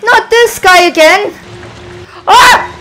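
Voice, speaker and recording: Speaking slowly in an extremely high pitch, this young female gamer shrieks whenever a horror game startles her. Between screams she jokes around and mocks the monsters, all over blaring game music.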